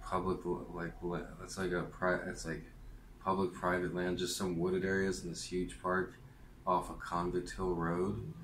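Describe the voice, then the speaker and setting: A man's voice: low voice, echoey room, slight background noise. A man telling a rambling personal story in a vlog rant, meandering with lots of fillers and restarts. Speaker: vlogger.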